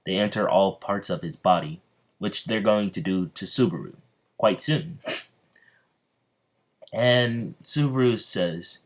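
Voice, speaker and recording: A man casually narrating a fan-fiction story as a video creator, halting with fillers and restarts. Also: sits low.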